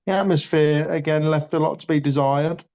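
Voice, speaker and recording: A man's voice: fairly high pitch, steady tone, a little fast, darkish tone. A man chatting casually about boxing on a podcast, blunt and passionate, swearing freely. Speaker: boxing pundit. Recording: dull lo-fi audio.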